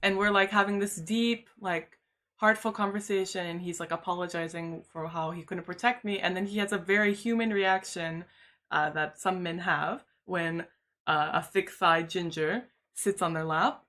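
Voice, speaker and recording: Chatty bright-voiced woman streamer. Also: on the low side, steady tone, normal speed. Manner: chatty, filler-heavy, uses "like" constantly. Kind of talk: casual storytelling on a live stream.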